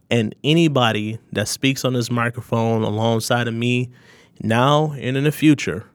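Man, podcast host, earnest, heartfelt, motivational, mid pitch, dry sound. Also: no echo. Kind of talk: solo podcast thank-you message.

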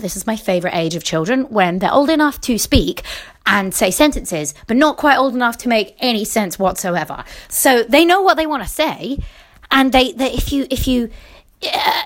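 An English woman ranting on her solo podcast, her pitch leaping up and down as she talks. She rambles and keeps cutting herself off, with sarcasm and plenty of swearing along the way. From England. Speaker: podcast host.

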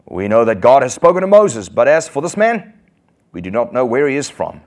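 A man's voice: mid-range voice, big pitch swings, fairly quick. A man preaching who voices scornful male religious leaders in a raised, mocking tone. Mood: haughty. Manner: mocking, commanding, raised and loud.

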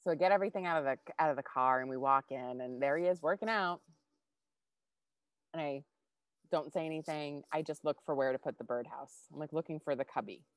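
A woman co-hosting a podcast, telling a personal story in casual, animated chat and swearing freely. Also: low voice, brisk, dry recording. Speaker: podcast co-host.

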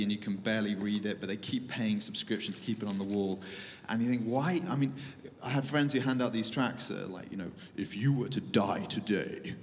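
A man's voice: lowish voice, long reverb tail, slight background noise. A man, a church leader, giving an informal talk to an audience, conversational and hesitant with fillers and dry humor.

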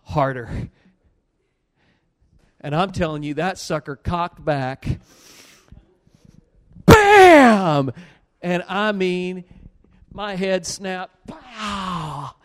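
A man preaching a sermon, telling a story with animated swings between loud bursts and low, earnest pleas. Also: slow pace, clean tone, big-room sound.

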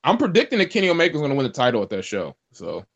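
A man, an excitable co-host in a casual wrestling chat who swears a lot. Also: medium pitch, very fast, vocal fry. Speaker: podcast co-host.

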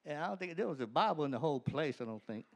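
A man with a high voice that swings up and down, giving his own testimony to a crowd. He tells it as a story, growing animated and laughing between phrases. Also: racing. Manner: animated, grows excited, often laughs mid-sentence. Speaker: speaker giving a personal testimony.

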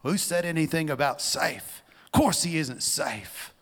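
A preacher doing an emphatic talking beaver. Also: male voice, on the high side, a little slow, big-room sound. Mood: insistent. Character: gruff, earnest male talking beaver.

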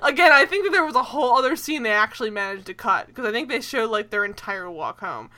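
A woman co-hosting a casual TV recap podcast, animated and laughing, swearing freely. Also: on the high side, fast talker. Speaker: podcast co-host.

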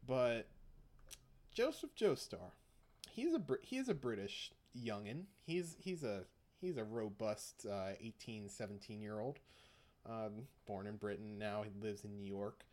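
A young man talks in a loose, rambling way as a podcast co-host. His pitch swings widely. He laughs easily and keeps the chat casual. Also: unhurried. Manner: animated, rambling, laughs often.

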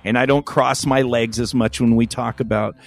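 A man's voice: medium pitch, normal speed. A man hosting a casual podcast chat, telling stories with a lot of energy, acting out other people's voices and swearing freely. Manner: animated storytelling, acts out voices, swears freely. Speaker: podcast host.

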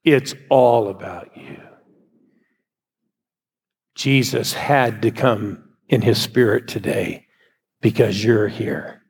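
A man's voice: lowish voice, slow, gravelly, long pauses, husky. A male pastor preaching a sermon and leading the congregation in prayer they repeat after him.

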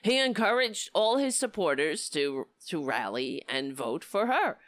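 A woman hosting a political talk show, giving impassioned, indignant commentary with a hoarse voice. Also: on the low side, big pitch swings, a little slow, no room sound, clean studio sound. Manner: impassioned, indignant, rising to near-shouting.

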